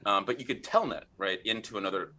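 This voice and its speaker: A man in his forties, a podcast guest, telling a story in a chatty, animated way, acting out lines of old game text. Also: fairly low pitch, quick pace. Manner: chatty, full of fillers and "right?". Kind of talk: conversational storytelling.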